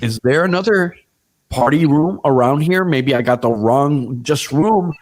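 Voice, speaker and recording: A man with a somewhat high voice tells a long story in a casual podcast chat. He is animated and profane, slipping into the voices of the people in the story. His delivery is loose and conversational. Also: unhurried. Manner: animated storyteller who swears freely and acts out other people's lines. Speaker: event DJ telling a story.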